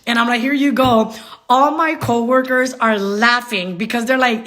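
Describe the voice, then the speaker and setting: A young woman tells a story in a lively, chatty way and keeps dropping into Spanish phrases. Her voice is bright and sits a little high. She sounds like she is talking straight to her followers. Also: normal speed. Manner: animated, laughing often, switches into Spanish. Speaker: storyteller vlogger. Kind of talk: casual storytime monologue.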